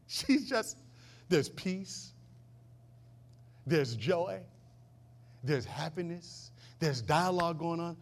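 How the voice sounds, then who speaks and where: A male pastor preaching a sermon, swinging from loud declarations to hushed asides and asking the congregation questions. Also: a little high, expressive, measured pace, gravelly, pauses often. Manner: asks the congregation call-and-response questions.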